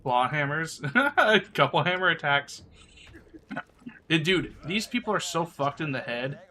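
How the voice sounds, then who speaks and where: Sick male streamer with a bright voice. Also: on the high side, very animated, a little slow. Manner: crude, rambling, laughing often. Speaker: live streamer. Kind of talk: casual live stream chat.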